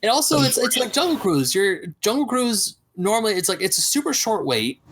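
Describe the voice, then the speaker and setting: Casual podcast co-host, male, lively swooping storyteller. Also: sits high, a little fast, breathy edge. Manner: animated storyteller, acts out quoted voices.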